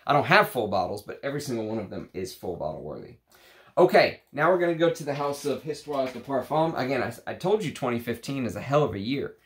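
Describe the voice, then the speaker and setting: A man's voice: mid-range voice, lively intonation, quick pace. A man casually reviewing perfumes from his collection, gushing enthusiastically with restarts and fillers.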